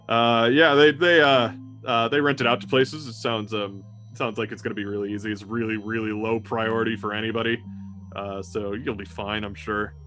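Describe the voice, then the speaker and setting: A man's voice: on the low side, a bit bright. Laid-back, rambling male game master. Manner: casual, rambling, laughs often, swears. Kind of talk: narrating a tabletop game.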